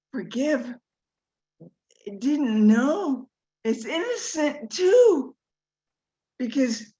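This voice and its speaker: A woman sharing her spiritual reflections in a study group, halting and thoughtful, over a video call. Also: on the high side. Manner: halting, thoughtful, pauses often. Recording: dull lo-fi call audio.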